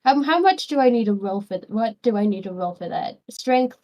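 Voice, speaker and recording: A woman's voice: a little high, lively intonation, fairly quick, warm tone. A woman player chatting casually in a tabletop game, asking hesitant questions about her rolls.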